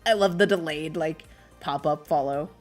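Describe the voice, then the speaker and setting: A woman's voice: low voice, normal speed, a little mellow, soft background music. A young adult woman who is a streamer, chatting casually and rambling while she crochets, often poking fun at herself. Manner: rambling, chatty, self-deprecating.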